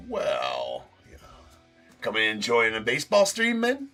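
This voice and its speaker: A man's voice: medium pitch, huge pitch swings, slow, sharp tone, faint music behind. A man hosting a live-stream card break, talking loosely and casually, swearing and then jokingly apologizing. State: sore tooth.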